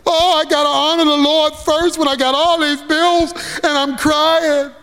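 A man's voice: very high voice, level tone, unhurried, fairly bright tone. A man voicing a complaining churchgoer who whines and sobs, with the long reverb of a large hall. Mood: whiny. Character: complaining adult churchgoer, tearful and whiny.

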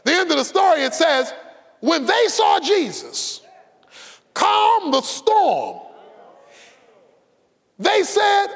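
Fiery high-voiced preacher man in a hall. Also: big pitch swings, slow, long pauses. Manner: fiery, shouting and drawing out words for emphasis; preaching with a folksy, conversational edge. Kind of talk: sermon. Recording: long hall reverb.

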